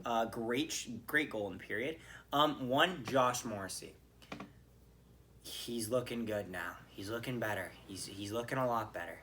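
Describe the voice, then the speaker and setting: Bright-voiced man ranting about hockey. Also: medium pitch, moderate pace, slight background noise. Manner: animated, swearing, ranting. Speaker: podcast host. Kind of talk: solo hockey game reaction.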